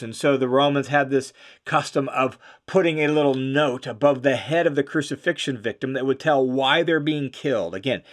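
A man teaching through a Bible passage, reading each verse aloud and then explaining it with emphatic repetition and some "uh" fillers. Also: on the high side. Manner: emphatic, repeats key phrases for stress.

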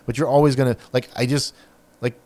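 A man's voice: mid-range voice, flat delivery, a little fast, warm tone. Middle-aged man, mid-range voice, rambling casual co-host. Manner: rambling, filler-heavy, frank. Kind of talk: casual chat.

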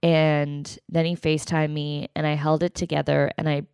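A woman's voice: low voice, level tone, normal speed, darkish tone, clear, resonant tone, dry recording, studio quality. A woman hosting her podcast, ranting in an emotional, exasperated way and swearing as she retells a fight. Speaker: podcast host. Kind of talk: solo podcast rant.

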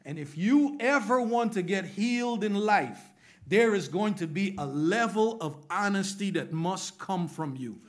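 A man preaching an animated sermon in a church, dropping to hushed whispers and rising to excited bursts. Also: sits high, measured pace. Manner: swings from hushed whispers to loud excited bursts, acts out voices.

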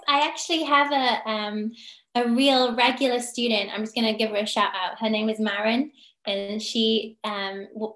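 A woman's voice: a little high, a bit bright, reverberant. A woman from northeast England, a yoga teacher chatting as a podcast guest over a video call. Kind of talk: casual interview chat. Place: home in Durham, on a video call.

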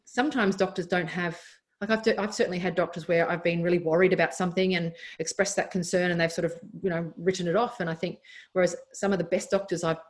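An Australian woman in her thirties, a doctor and former athlete, talking candidly as a podcast guest with frequent laughs and restarts. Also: fairly low pitch. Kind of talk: casual interview chat.

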